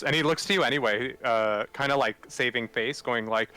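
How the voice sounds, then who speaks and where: A man's voice: mid-range voice, normal speed, hardly any pauses, bright, forceful tone, soft background music. A man narrating as game master in a loose, casual way.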